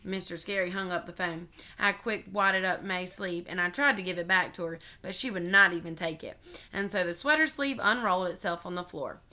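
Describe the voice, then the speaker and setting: A woman reading a children's chapter book aloud in an expressive, animated way. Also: lowish voice, a little fast. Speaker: storybook reader.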